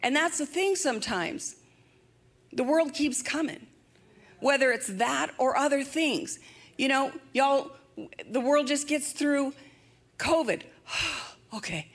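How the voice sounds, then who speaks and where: A woman's voice: sits high, slow pace, long pauses. An older woman preaching a sermon, emphatic and fervent, repeating her rallying phrases. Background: music.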